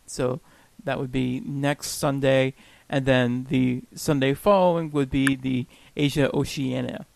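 A man's voice: medium pitch, steady tone, a little slow, gravelly, darkish tone, no room sound. A man co-hosting a casual podcast chat, laughing often and poking fun at himself. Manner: laughs often, self-deprecating. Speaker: podcast co-host.

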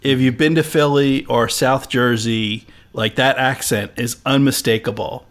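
Halting, easygoing podcast man. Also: mid-range voice, steady tone, fairly bright tone. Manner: halting, with many restarts and fillers. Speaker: podcast co-host. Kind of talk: casual chat.

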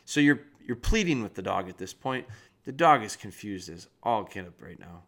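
A man's voice: mid-range voice, expressive, fast. A man hosting a dog training podcast, reviewing a trainee's video and talking directly to him with frank critique.

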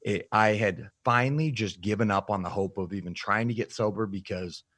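A man with a very low voice tells his story candidly as an interview guest. He speaks in a reflective, halting way, and the sound is close and dry with no room echo. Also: fairly bright tone, husky. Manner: frank and reflective, halting with fillers. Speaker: podcast guest, nutrition coach.

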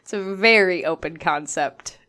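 A woman's voice: lowish voice, normal speed, sharp tone. A woman co-hosting a casual podcast from home over a call, teasing and laughing often. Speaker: podcast co-host.

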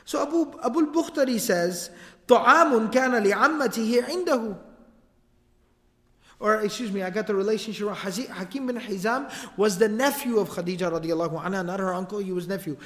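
A man with a high voice tells a story as a lecture. His delivery is casual and lively, with slangy asides. A long reverb hangs behind him, as in a big hall. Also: fast talker, few pauses.

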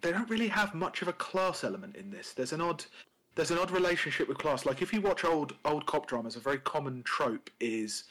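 Husky man, podcast co-host, casual chat, rambling with fillers and restarts. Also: on the high side, sing-song, brisk, fairly bright tone, poor audio.

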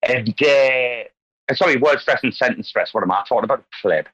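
Animated man lecturing over lo-fi call audio. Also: medium pitch, brisk, husky. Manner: animated, tangent-prone, lecturing on word stress. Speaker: host of an online community call. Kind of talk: casual group call chat.

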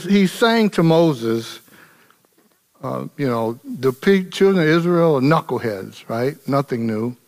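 Male pastor, lively high-pitched delivery, casual sermon style. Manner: animated, acts out dialogue with rising intensity; casual, folksy phrasing.

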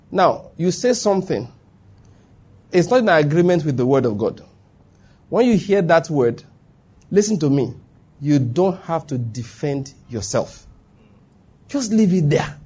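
Male preacher, slightly higher voice with a husky edge, emphatic, keeps asking the room if they're following. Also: a little mellow. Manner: emphatic, checks in with listeners. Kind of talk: sermon. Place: before a live congregation.

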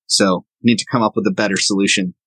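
A man's voice: lowish voice, steady tone, fast, pushed and bright, slightly rough, dry recording, low-quality recording. A man from the American South, a knife maker guest, explaining and showing his work in a casual interview. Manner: explanatory, demonstrating objects as he talks.

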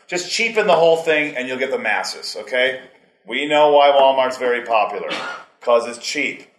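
A man's voice: medium pitch, fairly bright tone, slight background noise. Casual man talking in an echoey room. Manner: casual, rambling, heated at times. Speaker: meeting speaker. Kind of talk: speaking at a group meeting. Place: meeting hall.

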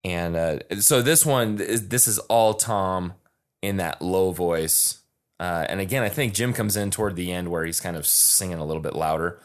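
A man co-hosting a podcast in casual chat, animated and halting, often restarting his sentences. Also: deep voice. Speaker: podcast co-host.

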